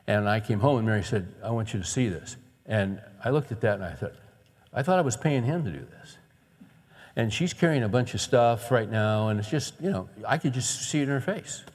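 A man's voice: mid-range voice, lively intonation, a little fast, darkish tone. A man preaching a sermon as a pastor, earnest and conversational, telling stories and asking rhetorical questions. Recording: long hall reverb.

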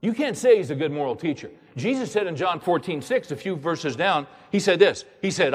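A man preaching from the pulpit, his voice a touch high and husky. He drives each point home with repetition and pointed rhetorical questions. Long reverb from a large church hall trails after every phrase. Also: expressive, a little fast, few pauses. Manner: emphatic, repeats words, fires rhetorical questions. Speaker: pastor. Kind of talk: sermon.

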